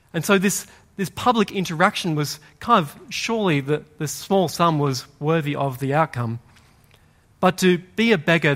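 A man preaching a sermon in a conversational, animated way, acting out quoted voices in a louder tone. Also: on the high side. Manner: animated storytelling, acts out quoted voices loudly; conversational, uses "like" often. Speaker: pastor.

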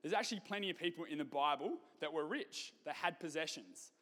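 A man's voice: on the high side, fairly quick, sharp tone. A man leading a youth group, giving a chatty, joking talk to students. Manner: chatty, joking, conversational with fillers. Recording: long hall reverb.

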